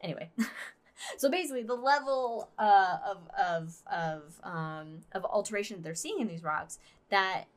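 A woman's voice: medium pitch, a little slow. A woman co-hosting a casual podcast, rambling with frequent fillers and laughter. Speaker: podcast co-host. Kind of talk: casual chat.

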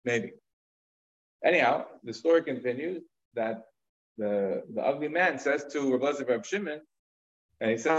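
A man's voice: medium pitch, lively intonation, moderate pace, long pauses, lo-fi sound. A man teaching a Talmud lecture, retelling a story in a conversational way with casual fillers and asides. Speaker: rabbi teaching.

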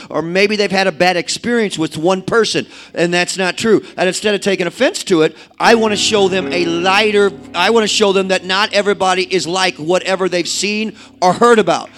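A fiery evangelist preacher from inner-city St. Louis, USA, delivers a sermon in a high voice to a church congregation. He's folksy and brisk with few pauses, swinging from quiet asides to shouted exhortation.

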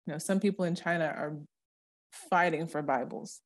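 A woman's voice: low-pitched, normal speed. A young adult woman co-hosting a Christian podcast in casual chat, talking earnestly and leaning dramatically into the words she stresses. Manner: earnest, emphatic, dramatic when quoting scripture. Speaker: podcast co-host.

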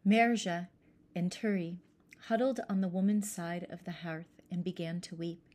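A woman reading a storybook aloud in a measured, gentle way. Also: fairly low pitch, fairly even intonation. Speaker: narrator.

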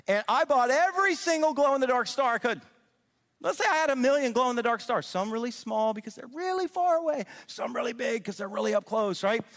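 A middle-aged man giving an animated sermon-style teaching, often checking in with his listeners. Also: extremely high pitch. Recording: long reverb of a large hall.

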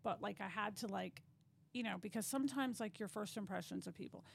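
A woman with a West Texas accent chatting as a podcast guest, an animated storyteller who acts out the voices of people she describes. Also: mid-range voice, a little fast, gravelly, husky. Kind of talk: casual podcast chat.

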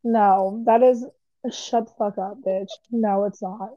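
A young woman chatting loosely with a friend, her words strung together with "like" and quick tangents. Her tone is mellow and dark. The sound is dry and a little dull, as if from a modest mic. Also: mid-range voice, fairly even intonation, no room sound. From Las Vegas area. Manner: rambling, heavy use of "like". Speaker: podcast co-host. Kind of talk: casual chat.

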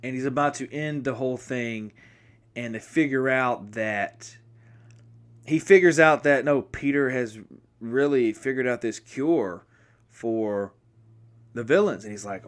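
Speaking slowly with long pauses, this medium-pitched man recalls a movie from memory as a podcast host. His rambling recap is full of restarts and corrections, and he sounds excitable while occasionally apologizing for skipping around.

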